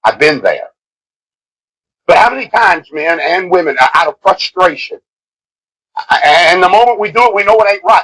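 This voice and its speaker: Middle-aged preacher guy on an old cassette tape, bright forceful voice pitched a bit high, goes from shouting to quiet. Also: rough recording. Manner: impassioned, swings from shouting to hushed. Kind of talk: sermon.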